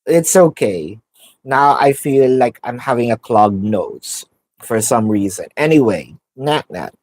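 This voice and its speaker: Woman doing a live tarot reading, talks real slow, thinks out loud, repeats herself. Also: a bass voice, lively intonation, no echo, rough recording. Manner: musing, repeats phrases, names cards aloud. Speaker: tarot card reader.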